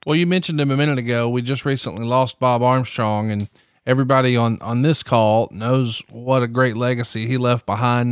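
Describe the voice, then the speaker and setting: A man co-hosting a podcast who asks an interview question with a brisk lead-in. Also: medium pitch, smooth, no room sound, clean studio sound. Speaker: podcast co-host.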